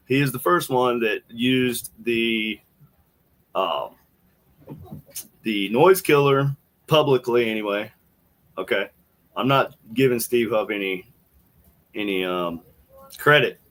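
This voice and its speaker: A man hosts a podcast and talks casually over the clips he plays. He rambles and thinks out loud, restarting his sentences. His voice sits at an ordinary middle pitch. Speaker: podcast host. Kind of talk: casual commentary while playing clips.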